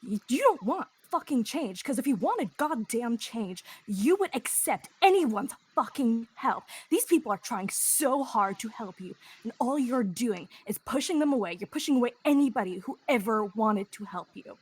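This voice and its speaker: A woman's voice: a little high, animated, normal speed, hardly any pauses, slightly rough. A woman voicing an enraged male adventurer who rants and swears at length. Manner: ranting, heavy swearing.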